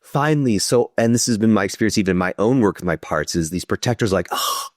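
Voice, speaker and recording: Deep-voiced man explaining therapy calmly. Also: fast talker, no echo. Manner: thoughtful, explanatory, acts out inner voices. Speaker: psychotherapist guest. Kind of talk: conversational podcast interview.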